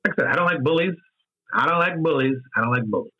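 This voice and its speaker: Man, 50s, candid interview guest. Husky, repeats himself for emphasis, muffled lo-fi recording. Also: fairly high pitch, animated, quick pace. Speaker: interview guest, game designer. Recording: dull lo-fi sound.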